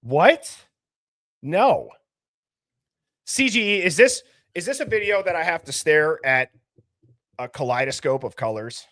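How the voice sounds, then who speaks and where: A man hosting a casual live stream, reading out viewer names and comments with loud greetings and laughs. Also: fairly high pitch, unhurried, pauses often, dry recording, clean studio sound. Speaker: livestream host.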